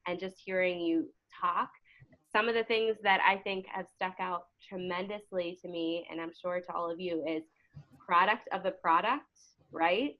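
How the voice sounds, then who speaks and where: A woman's voice: lowish voice, steady tone, moderate pace. A woman hosting a team call, effusive and emotional, praising a guest with many fillers. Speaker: host and team coach. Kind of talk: casual talk on a team video call. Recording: dull lo-fi call audio.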